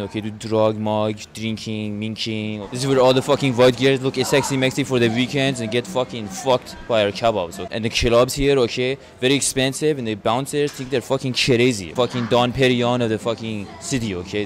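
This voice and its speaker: A man's voice: mid-range voice, fairly even intonation, brisk, few pauses. A man giving a crude, profane comedic tour of his city from a moving car, tagging nearly every line with a questioning "okay?". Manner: brash and profane, tags lines with "okay?". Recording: road and traffic noise. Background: car and street noise.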